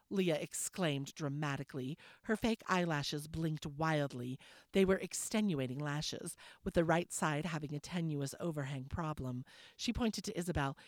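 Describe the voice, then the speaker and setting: Low-voiced woman audiobook narrator. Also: normal speed, dry recording, clean studio sound.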